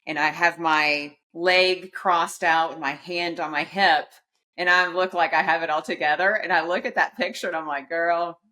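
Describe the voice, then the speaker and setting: A middle-aged woman, a podcast guest, tells a personal story in an animated way, acting out quotes and laughing at herself. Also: lowish voice, normal speed.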